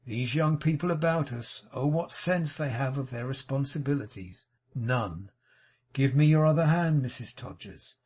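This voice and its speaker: A man voicing a sanctimonious, self-pitying middle-aged gentleman in an audiobook, mournful and unctuous. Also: mid-range voice, normal speed, breathy edge, natural voice. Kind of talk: audiobook character reading.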